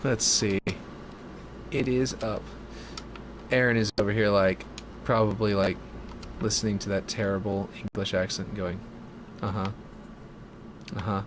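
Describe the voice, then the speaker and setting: A man's voice: on the low side, little pitch movement, moderate pace, long pauses, background noise. A man streaming a game map build live, chatting casually and thinking aloud in a self-mocking way.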